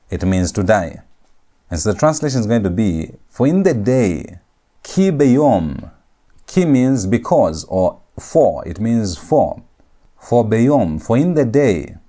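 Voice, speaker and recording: Male teacher, mellow low voice, slow and patient, drills terms by repetition. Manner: slow, repetitive, spells out each word. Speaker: Hebrew grammar lecturer. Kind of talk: classroom lecture.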